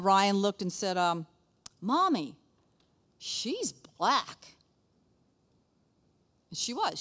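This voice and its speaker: A middle-aged woman giving a casual, chatty sermon as a pastor's wife, often checking in with the listeners. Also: on the high side. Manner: chatty, animated, frequent "okay?" asides.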